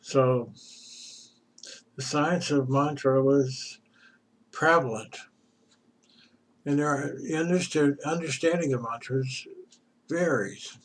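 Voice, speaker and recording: Slow, halting man telling a teaching story. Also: medium pitch. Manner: halting, repeats himself. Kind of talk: storytelling lesson. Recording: distant mic.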